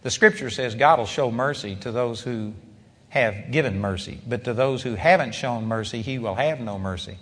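A man's voice: medium pitch, normal speed, a bit bright, long reverb tail. A man preaching a sermon, retelling a story with emphatic rises and asides.

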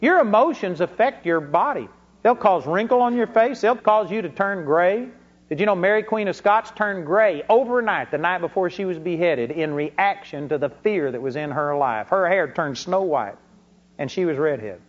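Male preacher with a high voice, folksy sermon delivery, punchy emphasis. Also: animated, moderate pace. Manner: folksy storytelling with bursts of emphasis. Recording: dull lo-fi recording.

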